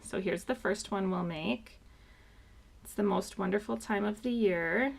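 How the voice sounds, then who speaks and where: Unhurried and creaky, this medium-pitched woman leads a live craft class on card-making. She shows every sample card while chatting upbeat and casually, with plenty of fillers.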